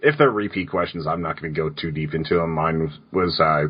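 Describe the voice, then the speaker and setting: A man's voice: very deep voice, fairly quick, breathy edge. A man in his twenties co-hosting a podcast, rambling wryly with lots of fillers. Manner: rambling, filler-heavy, wry. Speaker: podcast co-host. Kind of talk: casual chat. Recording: dull lo-fi sound.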